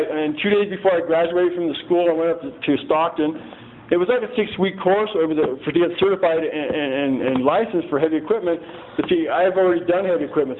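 An earnest man with a fairly high voice speaks to a roomful of people at a recovery meeting, wandering from thought to thought and restarting his sentences. The sound is thin and tinny, like a phone line, with a light hiss underneath. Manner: rambling and halting, with many restarts and frequent "you know" and "man"; earnest, plain-spoken. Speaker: member sharing his story at a recovery meeting. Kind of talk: unscripted personal testimony. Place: meeting room in front of a group.

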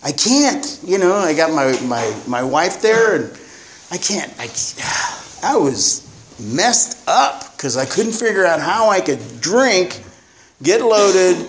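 A man with a slightly higher voice gives candid personal testimony at a recovery meeting. He rambles and circles back, talking bluntly and with coarse words. A faint hiss sits under the recording. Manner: rambling, blunt storytelling with profanity. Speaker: recovering alcoholic sharing at a meeting.

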